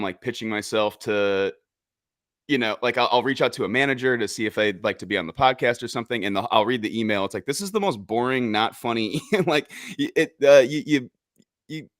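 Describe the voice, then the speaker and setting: A man's voice: lowish voice, fairly bright tone, dry recording, studio quality. A man hosting a podcast, chatting casually, joking and laughing often. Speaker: podcast host.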